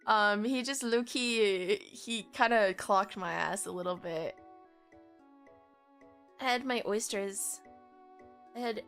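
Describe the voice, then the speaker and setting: A woman's voice: mid-range voice, slow pace, long pauses, fairly bright tone, soft background music. A young woman streamer in a casual chat, rambling and giggly, full of slang.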